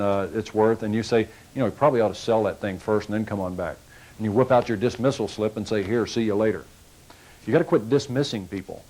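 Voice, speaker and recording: A man's voice: lowish voice, a little mellow, low-quality recording. A man giving a sales training talk to car salespeople, folksy and coaching, acting out little customer exchanges as he goes.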